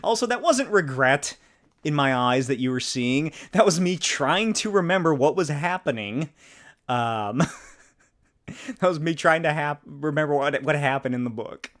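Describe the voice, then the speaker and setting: A man's voice: on the high side, animated, measured pace, fairly bright tone. A man hosting a comics livestream, giggly and joking in casual chat, swearing casually. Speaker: comics channel host.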